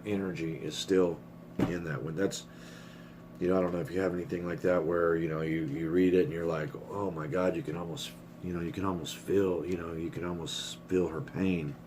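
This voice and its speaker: A middle-aged man with a low voice talks briskly, his intonation fairly even, against background noise. It's a casual personal vlog where he rambles candidly and swears freely, and he becomes emotional and chokes up.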